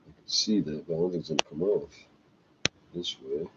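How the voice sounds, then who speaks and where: A man's voice: a bass voice, fairly quick, creaky, lo-fi sound, heavy background noise. A man ranting bluntly to camera, swearing often and tagging lines with "eh". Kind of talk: rambling profane rant to camera.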